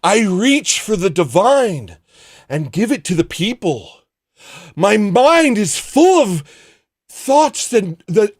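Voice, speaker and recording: A man playing a pompous, self-adoring male artist in a grandiose, drawn-out way. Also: very high voice, voice pushed up, full character voice.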